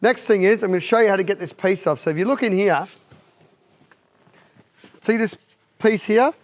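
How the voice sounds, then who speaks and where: This Australian man's voice sits high and moves at normal speed as he walks viewers through a casual how-to install video. His jokey, larrikin style has him laughing whenever he fumbles.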